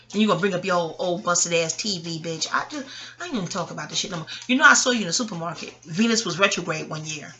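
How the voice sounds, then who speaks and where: A woman, telling a personal story to her viewers in a casual, profane and animated monologue. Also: mid-range voice. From New York. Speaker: vlogger.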